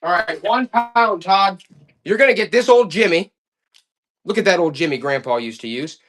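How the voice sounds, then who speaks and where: Male live-auction host, excitable sales patter, voice that swings up and down constantly. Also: moderate pace, slight background noise. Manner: excitable, hyped-up pitchman with loud exclamations. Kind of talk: live-stream selling patter.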